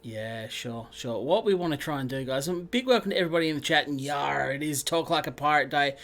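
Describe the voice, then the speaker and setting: A man's voice: a little high, fast talker, fairly bright tone. A man hosting a live sim racing stream, chatting casually and greeting viewers by name.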